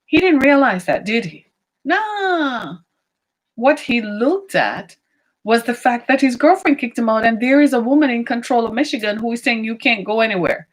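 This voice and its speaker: A woman giving opinionated commentary, emphatic, asking rhetorical questions and slowing down on key points. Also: fairly high pitch, animated. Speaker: political commentator.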